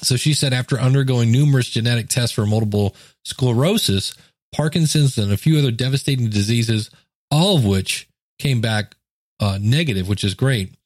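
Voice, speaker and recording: A man's voice: mid-range voice, moderate pace, dry recording. Earnest middle-aged man, dry close mic. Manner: earnest, conversational, with fillers and emphatic asides. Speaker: podcast host. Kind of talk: casual solo podcast talk, reading and commenting.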